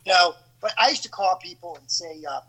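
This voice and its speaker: A man in his fifties telling a story in casual chat as a podcast host, animated and acting out quoted voices. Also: sits high, a little fast, husky, poor audio. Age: 50s.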